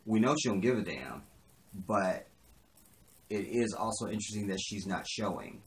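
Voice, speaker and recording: Man, lowish voice, casual opinionated TV reviewer. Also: animated, normal speed. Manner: chatty, opinionated, acts out dialogue. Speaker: TV episode reviewer. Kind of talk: casual recap of a TV episode.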